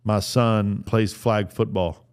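A middle-aged man speaks in an earnest, sermon-style manner, circling back to the same phrases to press each point home. His voice sits a little low and sounds smooth and resonant. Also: fairly even intonation, slow pace, darkish tone. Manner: earnest, repeats phrases for emphasis. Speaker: speaker on fatherhood.

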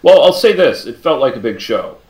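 Blunt, skeptical male podcast co-host, middle pitch, roomy recording. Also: sing-song, a little fast, darkish tone. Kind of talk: casual chat.

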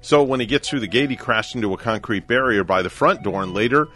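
A man's voice: medium pitch, quick pace, a bit bright, soft background music. A man hosting a casual morning radio show, telling odd news stories with jokes and teasing his co-hosts. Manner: joking storyteller, teasing co-hosts. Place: radio studio.

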